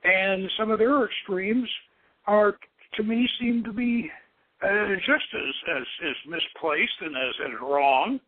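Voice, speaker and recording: A man's voice: sits high, slow pace, no room sound. An older man hosting a call-in radio show, rambling and repeating words as he muses, with frequent chuckles. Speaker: radio host. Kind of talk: call-in radio talk on occult philosophy. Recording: dry tinny phone-like radio sound.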